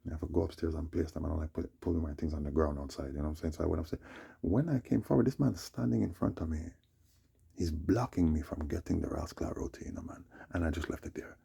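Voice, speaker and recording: Gravelly deep-voiced man rambling. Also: rapid-fire, warm tone. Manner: meandering, fills with "you know what I'm saying" and "man". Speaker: vlogger. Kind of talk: rambling personal storytelling.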